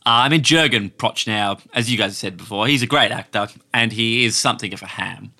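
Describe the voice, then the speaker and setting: A man co-hosting a casual film-review podcast who makes dry, measured quips. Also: lowish voice, sharp tone. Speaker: podcast co-host.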